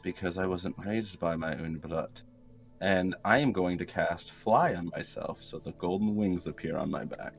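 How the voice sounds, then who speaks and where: A man playing in a tabletop game, boisterous and excitable, cursing freely. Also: deep voice, normal speed, vocal fry, faint music behind. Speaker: player.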